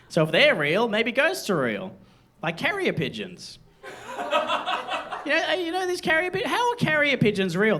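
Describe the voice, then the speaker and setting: Young Aussie stand-up, high and animated, rambling self-deprecating delivery, live room. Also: male voice, a little hiss or hum. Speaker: stand-up comedian. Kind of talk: stand-up comedy set. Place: comedy venue with a live audience. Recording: live show, audience laughter behind.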